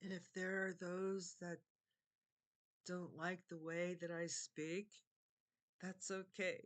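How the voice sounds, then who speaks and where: A woman's voice: fairly low pitch, level tone, slow pace. An older woman speaking a heartfelt monologue to camera as a vlogger, earnest and meandering, often circling back and repeating her phrases.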